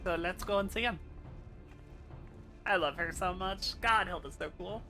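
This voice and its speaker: Young woman streaming a game, excitable and swears freely, bright voice over faint music. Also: fairly low pitch, measured pace. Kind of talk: casual gaming commentary.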